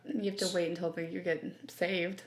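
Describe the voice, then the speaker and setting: A woman's voice: fairly low pitch, level tone, normal speed, echoey room, crowd noise. A woman from California, a podcast guest chatting and rambling with frequent laughter. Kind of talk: casual chat.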